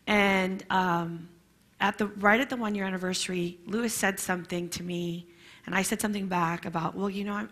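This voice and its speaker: Husky, bright-voiced middle-aged woman. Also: medium pitch. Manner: candid, emotional, halting retelling. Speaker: bereaved mother sharing her story. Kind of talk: personal storytelling to a class.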